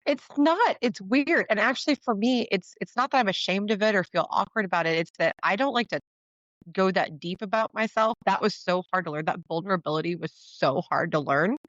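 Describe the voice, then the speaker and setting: A woman talking casually as a podcast guest, laughing often and acting out quoted people in a higher voice. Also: brisk, fairly bright tone, no echo. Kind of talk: casual interview conversation. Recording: dull dry lo-fi sound.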